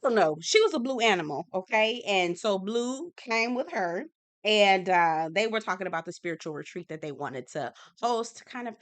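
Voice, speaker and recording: A woman's voice: mid-range voice, fairly quick. A woman giving a sassy, slang-filled casual recap of a reality TV episode from her home office. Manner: sassy and expressive, slangy asides. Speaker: TV recap host.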